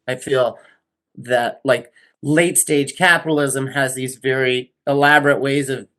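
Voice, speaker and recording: Male podcast co-host, mid-pitched voice, musing and questioning, casual discussion. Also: a bit bright. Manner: thinks aloud, questioning, chains loose clauses.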